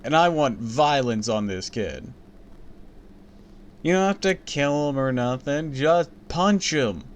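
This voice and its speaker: A man's voice: mid-range voice, lively intonation, measured pace, pauses often, a little hiss or hum. A man reading a children's book aloud on a stream, breaking off with crude, joking asides. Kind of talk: casual read-aloud with commentary.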